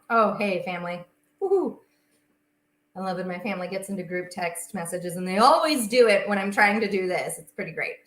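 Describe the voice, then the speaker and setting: A woman's voice: mid-range voice, fairly bright tone, reverberant, poor audio. A young woman hosting a casual baking livestream from her home kitchen, chatting and answering viewers' comments as she works.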